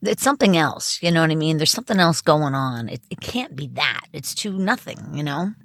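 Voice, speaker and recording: A woman comedian as a podcast guest, telling candid stories in lively, casual conversation. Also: deep voice, a little fast, no echo. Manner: animated storyteller, candid. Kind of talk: casual interview chat.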